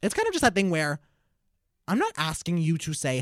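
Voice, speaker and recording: A man's voice: fairly high pitch, huge pitch swings, dry recording. Young guy doing a campy dramatic story bit, voice swings up and down, dead dry room. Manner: camp, dramatic, slow deliberate delivery. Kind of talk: comic monologue.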